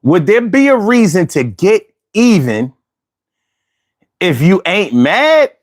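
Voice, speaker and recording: A man's voice: sits high, sing-song, slow pace. A man hosting a casual livestream talk show. He uses slang, repeats phrases and asks his viewers rhetorical questions.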